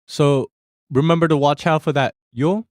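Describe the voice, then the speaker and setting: A man's voice: fairly high pitch, fairly even intonation, moderate pace, darkish tone, no room sound, studio quality. A man hosting a language lesson, explaining Korean phrases to learners step by step in a friendly way that breaks into easy laughter.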